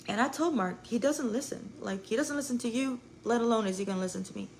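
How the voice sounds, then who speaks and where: A woman's voice: on the high side, quick pace, a little mellow, a little hiss or hum, poor audio. A young woman telling a rambling story to her live viewers, full of "like" and swearing. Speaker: live streamer.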